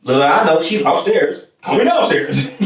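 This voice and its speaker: A man's voice: fairly high pitch, measured pace. A young man hosting a podcast, telling a long personal story casually and acting out the voices of the people in it. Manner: animated storyteller, acts out quoted voices. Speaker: podcast host. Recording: echoey room, distant mic.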